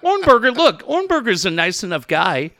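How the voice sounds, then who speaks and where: High, animated ranting man. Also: moderate pace, dry recording. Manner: ranting, heated, swears constantly. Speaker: podcast co-host. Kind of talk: profane sports radio rant.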